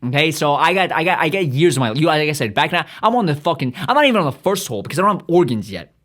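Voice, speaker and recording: A man's voice: a little high, very animated, quick pace, fairly bright tone. A man podcast host doing a rambling comedic monologue, swearing constantly and losing his train of thought.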